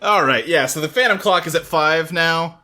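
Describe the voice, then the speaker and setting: A man narrating a tabletop game as game master, relaxed and hesitant, with many fillers. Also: on the high side, moderate pace.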